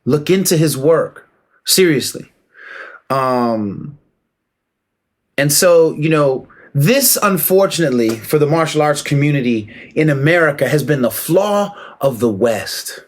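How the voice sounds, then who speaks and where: A man giving a casual, emphatic opinion monologue, preaching and calling out to listeners with rhetorical questions and shout-outs. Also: fairly high pitch, animated, measured pace. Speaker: martial arts commentator.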